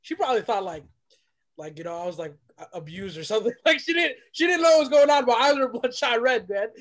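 A young man, a podcast guest, telling a story in a lively, dramatic way and dropping to a hush for effect. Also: very high-pitched, fast talker. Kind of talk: animated storytelling.

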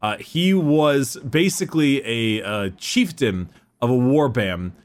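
Podcast guy rambling through a story, trips on names, mid pitch. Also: lively intonation, slow pace. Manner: rambling, stumbling over names, laughing. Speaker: podcast host. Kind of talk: casual chat.

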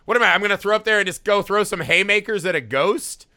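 A man in his thirties, a parent, chatting casually about a film, animated and quick to laugh. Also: sits high, clean tone, no room sound, studio quality. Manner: animated, laughing, swearing storyteller. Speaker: podcast co-host.

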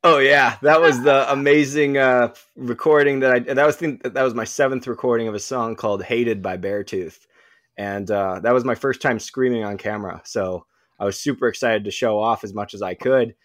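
A man's voice: medium pitch, moderate pace, fairly bright tone, dry recording, clean studio sound. A man guest on a podcast, chatting with enthusiasm about music reactions over a video call. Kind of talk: casual chat. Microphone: computer mic over video call.

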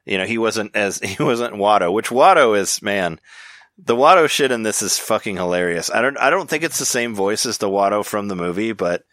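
A man hosts a podcast, chatting casually and ramblingly, restarting his sentences often and laughing easily. His voice is on the low side but expressive and fairly bright, at a moderate pace, recorded cleanly in a studio with no room sound.

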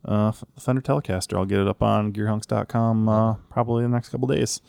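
A man's voice: on the low side, steady tone, fast, gravelly, darkish tone, dry recording, studio quality. A man hosting a casual podcast chat, rambling with frequent fillers and restarts. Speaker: podcast host.

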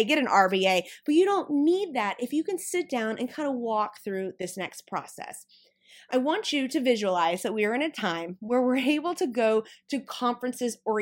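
A woman in her thirties hosting a business podcast, talking through marketing steps and acting out small scenes along the way. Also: on the high side. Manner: animated, acts out little scenes in quoted voices. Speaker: business coach and podcast host. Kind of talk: solo business podcast, coaching talk.

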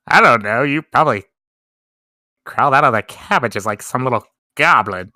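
A man's voice: mid-range voice, animated, moderate pace, pushed and bright, no echo, studio quality. A man doing a forgetful crude old grandpa. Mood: rambling. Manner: rambling, crude. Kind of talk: improvised comedy sketch.

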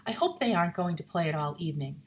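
A woman voicing a gentle, anxious lady guest in a spoken ghost story, talking softly and confidingly. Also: on the low side, animated, quick pace, slight background noise, natural voice. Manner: soft, worried, confiding.

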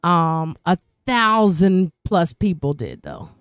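A woman's voice: fairly low pitch, sing-song, takes it slowly, clean tone, dry recording, faint music behind. A woman radio personality guest-hosting a podcast, telling a personal story in a talkative way that repeats words, restarts and acts out quoted voices.

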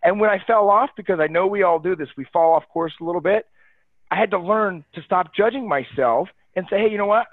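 High-voiced enthusiastic man on a tinny line. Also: fairly quick, no room sound. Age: 30s. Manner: enthusiastic, motivational, emphatic. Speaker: podcast guest, real estate agent. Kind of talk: casual interview chat. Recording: tinny phone-like line, dry.

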